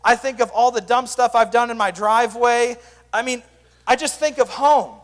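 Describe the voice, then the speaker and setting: A young youth pastor preaches to a crowd of teens, with a very high-pitched voice for a man. He tells funny stories and keeps the energy up. His voice rings with the long reverb of a hall. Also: normal speed. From Sand Springs area, US. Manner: energetic, joking storyteller. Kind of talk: youth sermon.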